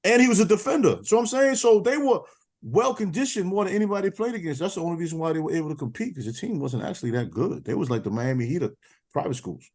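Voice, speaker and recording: Lively fast-talking man on a podcast. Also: high-pitched. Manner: teasing, lively banter. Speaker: podcast host. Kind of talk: casual podcast chat.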